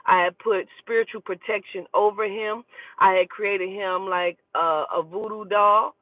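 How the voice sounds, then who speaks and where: A woman who works as a spiritual advisor, telling a personal story in a lively, profane, gossipy way and acting out the dialogue. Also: mid-range voice, a little slow, no room sound. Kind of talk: casual storytelling. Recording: tinny phone-like dry sound.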